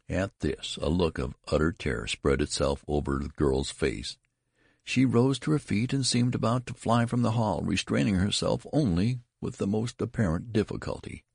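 Deep voiced guy reading an old story aloud, husky, lively delivery. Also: normal speed, no echo, studio quality. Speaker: narrator. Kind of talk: audiobook narration of a classic story.

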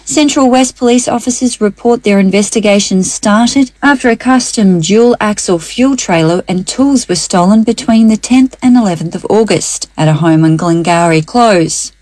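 A woman reading the local radio news in a steady, measured way. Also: mid-range voice, dry recording. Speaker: news reader.

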